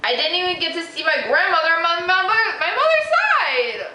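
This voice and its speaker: Young girl ranting on her vlog, high bright voice, echoey room, kinda heated. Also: very animated, a little fast. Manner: heated, emotional retelling of an argument. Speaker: vlogger. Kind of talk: storytime vlog. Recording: echoey room with faint noise.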